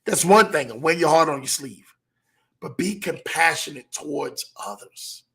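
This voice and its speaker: A man hosting a motivational talk show, repeating his key points and slowing down to stress them. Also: on the high side, lively intonation, fairly bright tone. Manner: preachy, repeats key lines, slows for emphasis.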